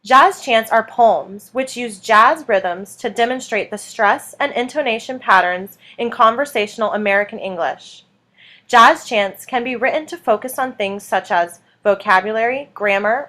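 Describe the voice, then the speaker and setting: Woman, fairly high voice, clear measured teaching narration. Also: bright, forceful tone. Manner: clear, measured, stressing each word in the chants. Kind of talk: scripted instructional narration.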